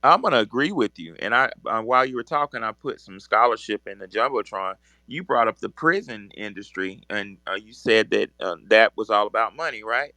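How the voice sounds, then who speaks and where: Gravelly, profane man reading aloud. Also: lowish voice, animated, fairly quick, hardly any pauses, bright, forceful tone, no echo. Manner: profane, incredulous asides while reading. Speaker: host. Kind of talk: podcast discussion, reading a book aloud.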